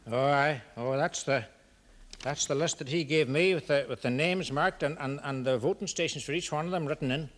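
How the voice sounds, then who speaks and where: An actor playing a folksy, rambling Irish man giving evidence in a courtroom drama, talking in halting, run-on stretches. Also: fairly high pitch, a bit bright, natural voice. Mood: chatty. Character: rambling Irish male witness, petty fraudster. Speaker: witness.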